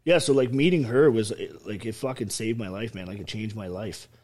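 A man telling stories in a casual chat, animated and heavy on swearing. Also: fairly low pitch, fairly quick. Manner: profane, animated storytelling. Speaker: podcast guest.

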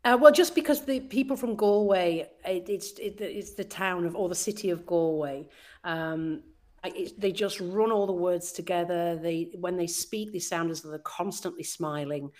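A woman chatting as a podcast guest. She is enthusiastic and laughs easily, with a somewhat low pitch for a woman. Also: moderate pace, a little mellow. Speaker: interview guest. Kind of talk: casual conversational interview.

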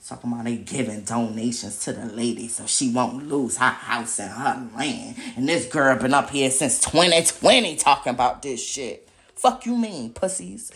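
Here a young adult podcast host speaks in an extremely low register at a moderate pace. Her angry rant is heated and full of profanity, confrontational in tone, and packed with one rhetorical question after another.

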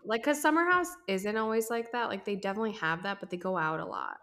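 A young woman in casual podcast chatter, chatty and gossipy, laughing often. Her pitch sits mid-range for a woman, and her talk runs loose and conversational. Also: fast talker, fairly bright tone. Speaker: podcast co-host. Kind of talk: casual chat.

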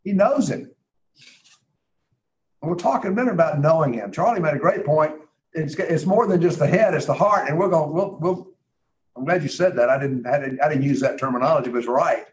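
A man teaches a Bible class conversationally, earnest and emphatic, thinking aloud as he reads scripture. His voice is fairly high-pitched and fairly quick, and the recording is low quality.

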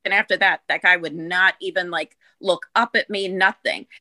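A woman in her thirties with a New Jersey accent, telling a story on a podcast in a lively, profane way and acting out the quotes loudly. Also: lowish voice, normal speed, dry recording, poor audio. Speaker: guest storyteller.

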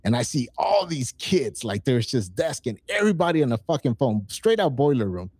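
A man in his forties telling stories in casual, profane chat, acting out quoted lines with excitement. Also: mid-range voice, a little fast, slightly rough, no room sound. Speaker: podcast guest.

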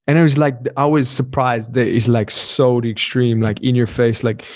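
Animated, foul-mouthed man in casual chat. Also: mid-range voice, normal speed. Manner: animated, swears freely, acts out quotes. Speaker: podcast guest. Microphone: new podcast microphone.

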